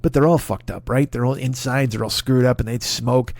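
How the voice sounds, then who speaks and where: A man's voice: mid-range voice, steady tone, brisk, a little mellow, no echo, studio quality. A man comedian with an American accent doing a rambling, profane comic rant. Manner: profane, rambling, riffing with impressions. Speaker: comedian host.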